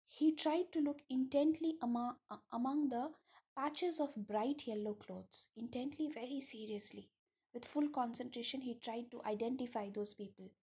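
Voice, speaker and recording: Lady teacher going over a story, warm husky voice, fairly high, reads a bit then explains. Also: normal speed. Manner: reads a line then paraphrases it, asking rhetorical questions. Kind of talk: explaining a story text to students.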